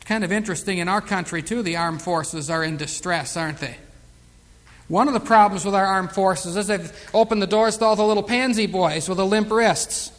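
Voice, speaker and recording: High-voiced preacher in a reverberant hall. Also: male voice. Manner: reads scripture slowly and loudly, chats and chuckles between verses. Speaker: pastor leading a Bible study. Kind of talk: conversational sermon and scripture reading.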